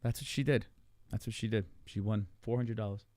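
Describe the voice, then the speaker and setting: A male podcast host with a fairly low voice talks briskly, rambling loosely through his stories and swearing freely. He's animated, and the chat is casual storytelling. The recording is dry.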